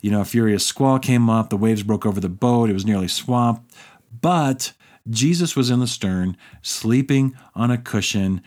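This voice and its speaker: Low-voiced man preaching conversationally. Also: darkish tone. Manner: conversational preaching, acts out quoted prayers. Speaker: pastor. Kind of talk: sermon.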